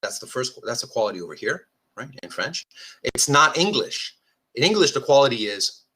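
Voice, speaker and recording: A man's voice: mid-range voice, big pitch swings, fairly quick, pushed and bright, husky. A man lecturing on philosophy at a diagram. He thinks aloud, often checks that listeners follow, and corrects himself as he goes. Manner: self-correcting restarts, informal asides.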